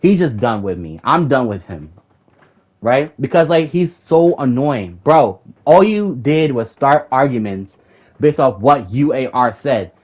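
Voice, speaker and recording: A young gamer rambles heatedly about an argument with another player in his raid group, swearing often and repeating himself as he gets worked up. His mid-range voice is expressive and a little slow.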